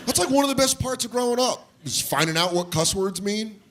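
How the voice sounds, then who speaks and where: This stand-up comic has a high-pitched voice and speaks a little fast. He tells stories during a live club set, animatedly performing the voices of their characters as the audience makes noise in the background.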